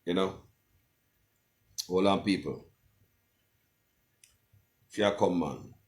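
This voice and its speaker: A man's voice: low-pitched, slow, a little mellow. A man with a Jamaican accent, a blogger hosting a livestream, talking with passion and calling out to his viewers. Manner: impassioned, keeps calling out to viewers as people. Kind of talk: livestream commentary with a phone-in guest.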